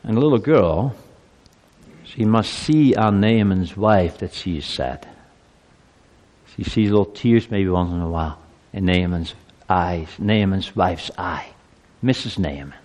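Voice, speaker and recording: A man's voice: sits low, measured pace, pauses often, darkish tone, long reverb tail. A man giving a children's sermon, telling a story with animation and asking the children questions. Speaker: preacher.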